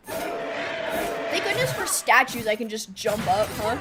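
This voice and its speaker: A woman streamer giving casual, animated gaming commentary, exclaiming and laughing often. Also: fairly high pitch, takes it slowly, pauses often, heavy background noise.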